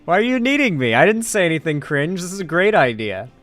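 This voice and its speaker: A man streaming casually, joking and reading his chat aloud in an animated way. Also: a little high, fast, faint music behind. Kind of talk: casual live-stream commentary.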